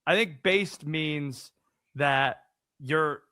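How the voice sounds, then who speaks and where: A man's voice: on the high side, very slow, sharp tone, no echo, studio quality. A man hosting a casual sports radio show, guessing at answers while thinking aloud. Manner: hesitant, thinking aloud with restarts. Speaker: host.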